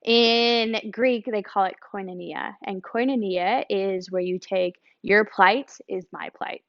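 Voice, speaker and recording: A woman's voice: mid-range voice, takes it slowly, no echo. A woman from the United States speaking as a church speaker in an informal teaching talk, conversational, and explaining with a drawn picture and acted examples. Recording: slightly dull lo-fi recording.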